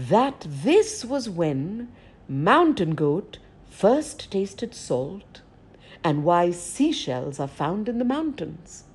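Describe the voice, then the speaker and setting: A woman storyteller narrating a folk tale expressively, swinging between loud and hushed delivery. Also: fairly low pitch, husky.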